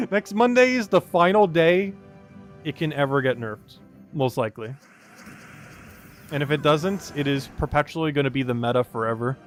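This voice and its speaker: A man's voice: fairly high pitch, animated, normal speed, pauses often. Chatty male game streamer, music behind. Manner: chatty, laughs often, greets chat viewers. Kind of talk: casual live-stream commentary.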